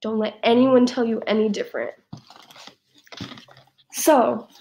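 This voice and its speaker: A woman's voice: a little high, steady tone, a little slow, pauses often, noisy background. A woman vlogging an unboxing in a casual, emphatic way, repeating herself and laughing between words. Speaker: fan fiction writer and vlogger.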